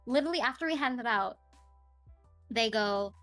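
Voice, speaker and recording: A woman guest on a podcast tells a story in a relaxed, chatty way and acts out the voices of the people in it. Her voice sits a little high. Soft music plays faintly behind her. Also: normal speed, dry recording. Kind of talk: casual storytelling in a podcast interview.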